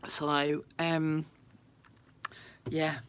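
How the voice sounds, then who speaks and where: Streaming crafts from her room at home, a woman from the United Kingdom talks chattily to viewers and laughs frequently. She speaks extremely slowly in a low, level voice, with a bit of hiss or hum audible.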